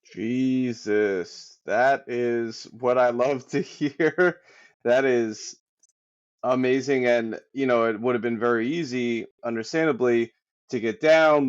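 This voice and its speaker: A male podcast host talks with enthusiasm, reflecting on his guest's story and leaning on fillers. His voice is medium-pitched. The recording sounds a little dull and muffled. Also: takes it slowly. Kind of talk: casual interview talk. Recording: slightly dull audio.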